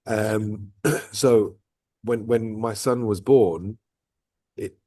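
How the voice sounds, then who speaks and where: A vlog host from outside Dubai chats at length in a casual, reflective way, his low, warm voice steady and extremely slow. He rambles through his stories, repeatedly circling back with "look" and "right?" The sound is dry and close to the mic, with no echo.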